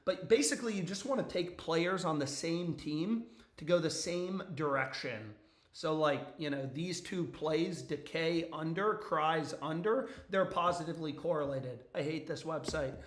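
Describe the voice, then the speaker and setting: A young man streaming from an echoey room at home, his voice hoarse and nearly gone. He sits a little high in pitch and chats loosely, throwing in "dude" and "bro" and the odd curse. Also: unhurried. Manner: loose and profane, frequent "bro" and "dude" asides. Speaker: sports betting streamer. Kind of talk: casual live-stream chat.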